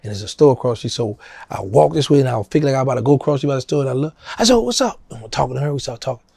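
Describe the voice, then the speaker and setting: Racing through a long street tale in a casual interview, this middle-aged guest with a New Orleans accent has a gravelly, faintly husky voice. Whenever he quotes someone, he animatedly plays them in a higher pitch. It's recorded close and dry, without any echo.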